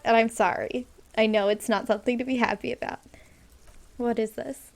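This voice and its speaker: A woman's voice: fairly high pitch, fairly even intonation, moderate pace, creaky, pauses often. A young woman streaming a game, reading its text aloud and breaking off to react with squeals and laughter. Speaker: gameplay streamer.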